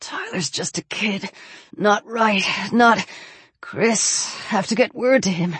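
A woman's voice: mid-range voice, slow pace, a bit bright, husky, no echo, exaggerated voice. A woman voicing a badly wounded young man who gasps and cries out in short, strained bursts. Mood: fading. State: gasping in pain.

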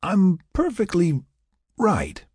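Man plays drunk, teasing young woman, slurred and husky. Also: huge pitch swings, drawn-out words, dry recording, clean studio sound, exaggerated voice. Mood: tipsy teasing. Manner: slurred, teasing, high put-on voice. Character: tipsy giggling young woman, playful.

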